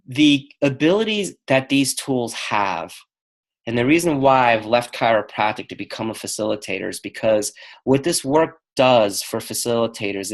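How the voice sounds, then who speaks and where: A middle-aged man telling a personal story on a call, acting out the lines of the people in it. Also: mid-range voice. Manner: animated storyteller acting out quoted dialogue. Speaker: speaker on a call.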